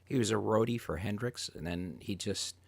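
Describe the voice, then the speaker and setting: A man hosting a casual podcast interview, relaxed and swearing casually. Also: lowish voice, moderate pace, creaky, slightly rough, no echo. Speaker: podcast host.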